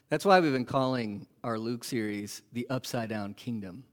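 A man preaching a sermon as pastor, animated and asking the congregation rhetorical questions. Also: medium pitch, normal speed, hardly any pauses.

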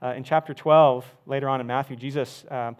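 A man preaching a sermon, emphatic, with wide swings from loud to soft. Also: medium pitch, steady tone, fairly quick, clear, resonant tone. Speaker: pastor.

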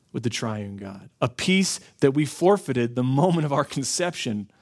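A man delivers a sermon in an earnest preaching voice. His pitch sits in an ordinary middle range. He slows down and leans on the key phrases. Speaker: pastor.

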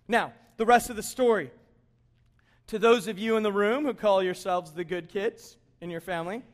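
A man preaching a sermon, acting out the characters he quotes and joking with the congregation. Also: high-pitched. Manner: animated, acts out quoted characters, jokes with the congregation. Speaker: pastor.

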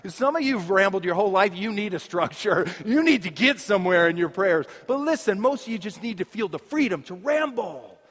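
A high-voiced man preaches with lively, joking energy and laughs often between his points. His voice carries a long reverb, as if he is speaking in a large hall. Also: brisk, hardly any pauses. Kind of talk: sermon.

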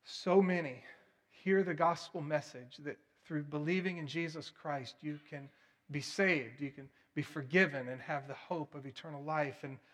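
A man delivers a sermon with earnest emphasis. His voice sits a little high for a man. He pushes key words out loudly, then drops to a quiet, hushed appeal. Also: normal speed. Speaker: preacher.

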